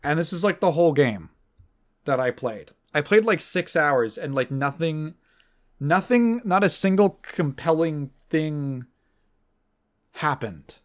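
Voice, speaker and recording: A man's voice: a little high, expressive, unhurried. A man hosting a podcast in casual chat, rambling and sardonic, swearing freely with lots of fillers and restarts. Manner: fillers and restarts, mocking quoted voices. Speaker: podcast host.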